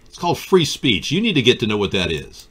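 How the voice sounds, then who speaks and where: A man's voice: medium pitch, wildly swooping pitch, fairly quick, fairly bright tone, husky. A man hosting a live political talk stream, riffing sardonically on viewer comments. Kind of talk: casual political chat.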